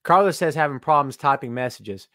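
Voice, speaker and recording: A man's voice: medium pitch, brisk, bright, forceful tone, no room sound, clean studio sound. A middle-aged man hosting a live-streamed wrestling podcast, joking and teasing as he greets viewers by name. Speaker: podcast host. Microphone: webcam live stream.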